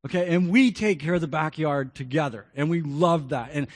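A man's voice: on the high side, a little fast, in a large hall. A man in his thirties, a pastor, telling a personal story in an earnest sermon and repeating key phrases.

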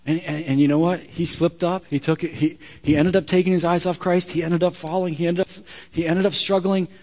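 A man's voice: a little high, steady tone, a little fast, a little mellow, long reverb tail. A man preaching a sermon as a pastor, conversational and emphatic, often restarting his words.

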